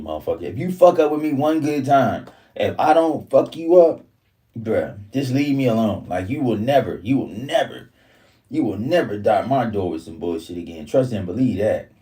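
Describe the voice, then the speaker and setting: A man's voice: on the low side, animated, moderate pace, warm tone, recorded from a distance. Profane ranting man, set back from the mic. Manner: profane, repetitive, heated ranting. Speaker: vlogger. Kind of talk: casual ranting monologue.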